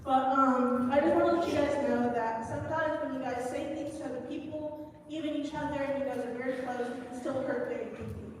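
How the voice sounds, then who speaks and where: A woman telling a church children's story as a personal testimony, earnest and emotional, with halting restarts. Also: high-pitched, a little hiss or hum. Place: church sanctuary. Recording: echoey church hall from far off.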